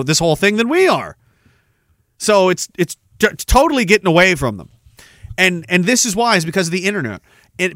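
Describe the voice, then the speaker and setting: A man hosts a podcast and gives casual, sarcastic commentary full of profanity. His voice sits slightly high for a man. The recording is dry, with no room sound. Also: a bit bright, no echo. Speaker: podcast host.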